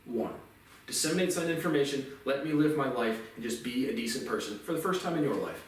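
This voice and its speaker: A man's voice: mid-range voice, lively intonation, quick pace, a little hiss or hum. A man vlogging an aggrieved, rambling monologue full of bitter, repetitive complaints. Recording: very echoey room, voice distant from mic.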